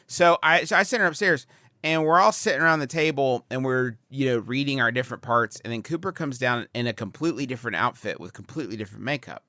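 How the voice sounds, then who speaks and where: A man's voice: medium pitch, fast, no room sound, studio quality. A man in his forties, a podcast co-host telling a rambling comic story about a family outing. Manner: rambling, builds to excited laughing. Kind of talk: comedic storytelling.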